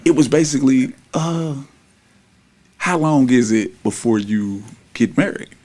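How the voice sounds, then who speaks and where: A man's voice: medium pitch, expressive, a little slow, dark tone. A man in his thirties hosting a podcast, talking emphatically and ribbing a friend in heated casual chat. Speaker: podcast host.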